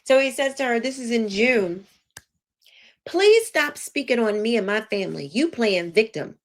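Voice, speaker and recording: A woman's voice: on the high side, big pitch swings, moderate pace. A woman hosting her own commentary show, reading text messages aloud with sarcastic, incredulous asides. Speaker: show host.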